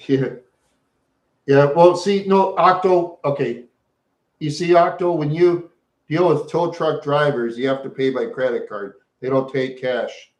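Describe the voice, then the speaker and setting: A man hosting a live stream, chatting with viewers in a rambling, repetitive way. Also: mid-range voice. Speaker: livestream host. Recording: roomy echo.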